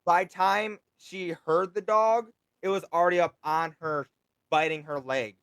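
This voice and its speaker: A man's voice: sits high, a little slow, smooth, dry recording. Upbeat man telling a story on a podcast. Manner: storytelling, animated retelling with acted quotes. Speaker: podcast co-host; delivery driver. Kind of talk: casual chat.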